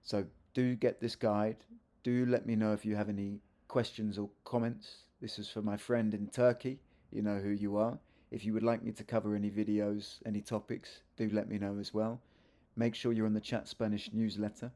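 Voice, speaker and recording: A man's voice: on the low side, level tone, normal speed, hardly any pauses, mellow. A man teaching a video grammar lesson, chatty and self-correcting, with joking asides as he explains. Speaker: Spanish teacher.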